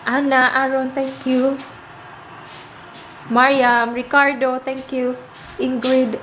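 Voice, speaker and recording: At home indoors in the Netherlands, a young, pregnant Filipino woman with a Filipino accent vlogs in Taglish, chatting casually and calling her viewers "mga inday." She is emotional and teary, speaking slowly and flatly in a high, slightly bright voice. The audio is poor, with a little hiss or hum.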